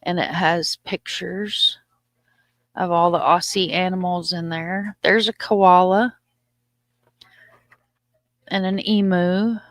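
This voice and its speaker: A woman's voice: lowish voice, fairly even intonation, takes it slowly, long pauses, dry recording, clean studio sound. A middle-aged woman, hosting a casual live stream, reading comments aloud in a chatty, loose and profane way. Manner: chatty, loose and profane, stumbles over words.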